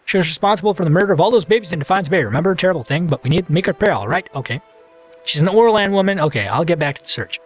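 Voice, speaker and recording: A man's voice: high-pitched, expressive, rapid-fire, faint music behind. A man hosting a let's play, chatting casually and playfully while he reads the game aloud. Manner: chatty, playful, self-mocking.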